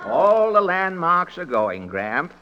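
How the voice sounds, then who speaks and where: A man hosting a 1940s radio comedy show, trading wry, quick comic patter. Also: high-pitched, sing-song. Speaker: comedian host. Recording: dull lo-fi 1940s radio broadcast.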